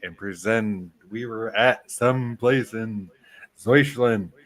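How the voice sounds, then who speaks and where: A man chatting as a guest on a casual livestream, swearing freely and bursting out loudly. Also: lowish voice, slow. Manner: loud, profane outbursts.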